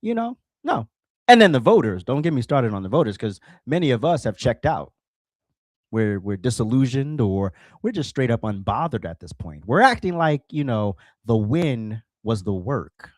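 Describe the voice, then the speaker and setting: Male solo podcast host, emphatic ranter, swooping pitch, dry close mic. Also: sing-song, normal speed, darkish tone, no echo. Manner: fired-up, emphatic, repeats phrases for punch. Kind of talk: solo political rant.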